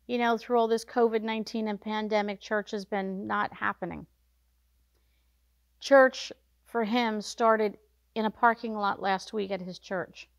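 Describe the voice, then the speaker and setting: A woman's voice: a little high, steady tone, slow, pauses often, no echo. A woman hosting a devotional podcast, speaking earnestly and urging listeners with repeated short commands. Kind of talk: devotional talk.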